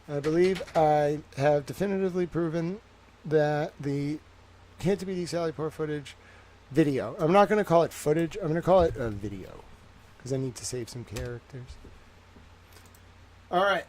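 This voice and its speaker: A man chats through a casual livestream in a slightly high voice. He rambles upbeat to his viewers, half talking to himself as he types. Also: lively intonation, moderate pace, long pauses, darkish tone, slight background noise. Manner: rambling, thinks aloud while typing. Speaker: livestream host.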